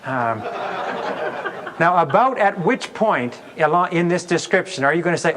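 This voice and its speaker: Male sales trainer, slightly higher voice, storytelling seminar delivery with acted customer lines. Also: expressive, normal speed, a bit bright, slight background noise. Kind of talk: recorded sales seminar talk.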